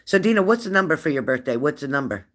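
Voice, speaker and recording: A middle-aged man runs a relaxed livestream, reading viewer comments aloud. He talks in a chatty, teasing way and asks the same question twice over. His voice sits a little on the high side for a man. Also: fast talker. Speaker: livestream host.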